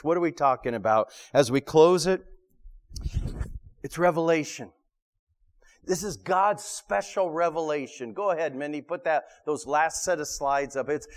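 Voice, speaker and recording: A man's voice: high voice, big-room sound. A man preaching a sermon to his congregation, emphatic, often repeating words and asking the room questions. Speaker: pastor. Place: church sanctuary.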